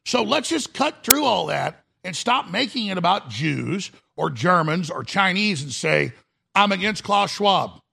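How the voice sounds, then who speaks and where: A man's voice: high voice, sing-song, measured pace, gravelly, sharp tone, slightly rough. A middle-aged man hosting a political talk show, ranting emphatically and calling his listeners folks.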